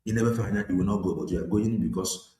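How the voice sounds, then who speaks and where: Fiery Nigerian preacher in an echoey room. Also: male voice, low voice, fast. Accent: Nigerian (Igbo). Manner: forceful, exhorting, mixing English and Igbo. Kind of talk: impassioned political sermon. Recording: echoey room with faint noise.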